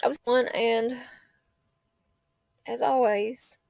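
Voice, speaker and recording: Woman, forties, fry in the voice, rambling and tearful, livestream host, laptop mic. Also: a little high, steady tone, slow pace, a little mellow, no echo. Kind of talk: emotional casual livestream chat. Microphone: laptop or phone mic.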